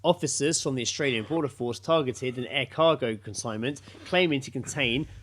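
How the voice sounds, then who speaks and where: A man's voice: mid-range voice, fairly quick, a bit bright, a little hiss or hum. A man co-hosting a casual podcast, reading news stories aloud and stumbling over words, swearing casually. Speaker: podcast co-host.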